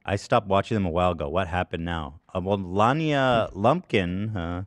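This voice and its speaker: A man with a lowish voice hosts a casual podcast, sarcastic as he reads out listener comments. The sound is close and dry on a studio mic. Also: moderate pace, no echo. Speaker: podcast host.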